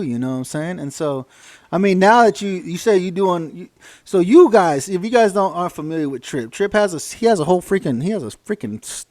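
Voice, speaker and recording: A man hosting a casual veterans' podcast, profane and animated, getting loud when fired up. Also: high-pitched, a little fast, no echo. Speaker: podcast host.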